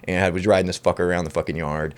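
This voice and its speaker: A man's voice: low voice, steady tone, racing. A middle-aged man, telling loose, profane stories on a casual podcast. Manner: profane storytelling, acts out quoted voices. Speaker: podcast host. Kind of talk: uncensored casual chat.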